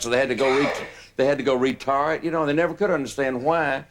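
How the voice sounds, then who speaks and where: A man's voice: mid-range voice, fast talker, slight background noise. Older man, reflective storyteller, loose phrasing. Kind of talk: reminiscing anecdotes.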